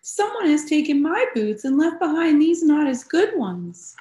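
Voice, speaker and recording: Woman doing a squeaky little baby bear. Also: very animated, measured pace, warm tone. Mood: plaintive. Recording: roomy echo.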